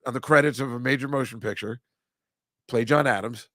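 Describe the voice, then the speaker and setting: A man's voice: medium pitch, fairly quick, a bit bright, dry recording, studio quality. A man chatting casually as a comedian co-host, rambling and joking, laughing often. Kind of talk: casual chat on a live-streamed show.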